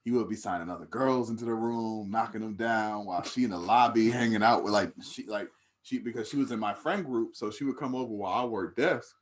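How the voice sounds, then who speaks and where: Low-voiced young man telling a story. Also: brisk. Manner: laid-back, laughs when riled up. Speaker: podcast co-host telling a story. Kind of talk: casual storytelling.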